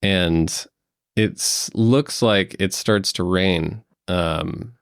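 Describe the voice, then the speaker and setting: A man's voice: low-pitched, very slow, no room sound, studio quality. A man narrating as game master of a tabletop game, hesitant with many ums and uhs. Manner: hesitant, fills with um and uh.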